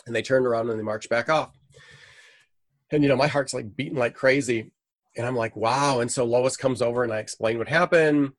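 A middle-aged missionary, appearing as a guest, tells a story in conversation and animatedly acts out the quoted lines. His mid-range voice moves fairly quickly, with no room sound.

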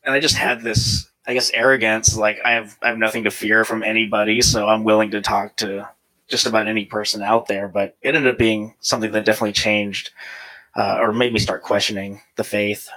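Bright-voiced man telling his story. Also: lowish voice, fairly quick, low-quality recording. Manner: animated storyteller, quotes himself in lively voices. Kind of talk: casual conversation.

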